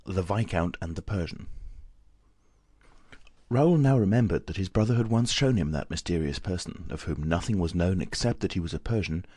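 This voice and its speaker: A man's voice: deep voice, lively intonation, moderate pace, dark tone, breathy edge, dry recording. A man narrating an audiobook, reading the dialogue with shifts for each character.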